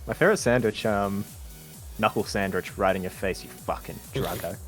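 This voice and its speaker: A man's voice: on the low side, normal speed. A man chatting on a voice call, joking and swearing in mock threats. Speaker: guest artist on a call. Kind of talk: casual chat on a voice call. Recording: faint music behind.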